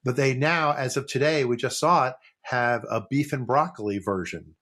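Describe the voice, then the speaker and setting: A man co-hosts a relaxed podcast chat, drifting from plugs to food to long jokes in a loose, rambling way. His voice sits in a middle pitch and he talks at an ordinary pace. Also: moderate pace. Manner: joking, rambling storyteller. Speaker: podcast co-host. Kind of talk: casual chat.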